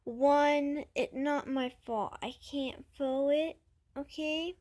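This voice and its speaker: A woman's voice: high-pitched, fairly even intonation, takes it slowly, darkish tone. A woman vlogger with a childlike, babyish voice, talking hesitantly and defensively to camera with many fillers. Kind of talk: casual talk to camera.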